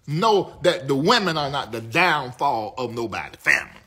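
A man hosting a live talk show, with a Southern US accent, talking sassy and flamboyant to his chat, swinging from low mutters to loud outbursts. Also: sing-song, moderate pace, few pauses, breathy edge.

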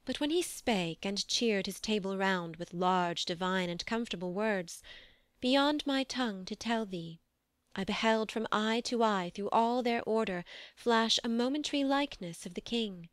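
A woman reading a proud queen's long, earnest account, in steady storytelling verse, within an audiobook. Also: mid-range voice, normal speed, clear, resonant tone, dry recording, studio quality, close to an everyday voice. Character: proud queen, devoted to her brother's cause.

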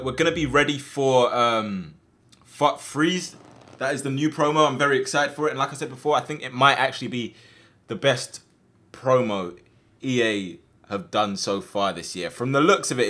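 A young man giving casual, slangy commentary over his own football video game matches, with sudden loud outbursts at big plays. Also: mid-range voice, brisk. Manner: casual slangy chat to viewers. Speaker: gaming video host. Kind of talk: live gameplay commentary.

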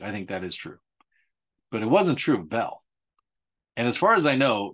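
An author presenting a history series gives a talk in a medium-pitched, slightly bright voice. His style is casual, sarcastic, and conversational, and he often repeats himself for emphasis.

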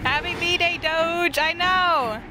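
A woman's voice: extremely high pitch, slow. A young woman live-streaming a horror game, chatting with viewers and shrieking at scares. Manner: screams and laughs at jump scares, chats with viewers.

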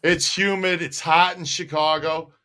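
A man co-hosting a casual livestream, telling stories with animated energy, often laughing and reading out viewer comments. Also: fairly high pitch, unhurried, faint music behind. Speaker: co-host. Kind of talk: casual livestream chat and storytelling.

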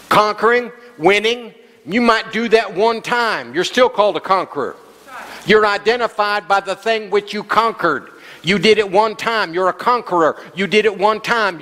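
High-voiced preaching man in a big hall. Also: a bit bright. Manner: preaching with call-and-response exclamations. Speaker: pastor. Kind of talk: sermon. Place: church sanctuary.

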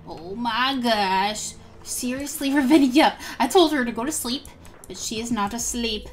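A woman narrating a life-sim game as a gaming video host, excitable and chatty. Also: a little high, moderate pace, soft background music. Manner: excitable, gasps and laughs often. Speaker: gaming youtuber. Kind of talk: let's play commentary.

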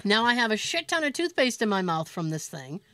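A woman co-hosting a podcast, telling a story in an animated, profane way and laughing as she goes. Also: mid-range voice, brisk, dry recording. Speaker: podcast co-host. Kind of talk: casual storytelling chat.

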